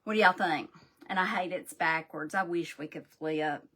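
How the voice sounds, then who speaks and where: A woman's voice: on the low side, normal speed, a bit bright. A woman hosting a live craft demo, folksy and a bit scatterbrained as she talks straight to her viewers. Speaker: crafting livestream host.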